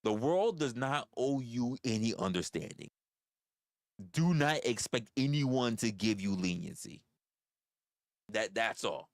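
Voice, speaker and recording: A man's voice: mid-range voice, lively intonation, measured pace, pauses often, no echo, studio quality. Blunt, stammering male livestream host. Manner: blunt, repetitive, stammering restarts, profane. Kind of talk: casual chat with viewers.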